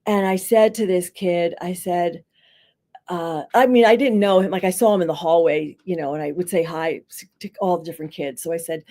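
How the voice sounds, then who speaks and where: A woman's voice: on the low side, a little fast. A woman, a school psychologist, talking on a podcast and telling a story, acting out the people in it and filling her talk with "like" and "you know". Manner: animated storyteller who acts out quotes with a rising voice; conversational, many fillers like "like" and "you know". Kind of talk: podcast interview, teaching by story.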